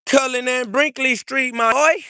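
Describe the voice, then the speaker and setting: A man, ranting loudly and profanely at his livestream chat, mocking and trash talking into a phone. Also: extremely high pitch, fairly even intonation, measured pace. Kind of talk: angry livestream rant.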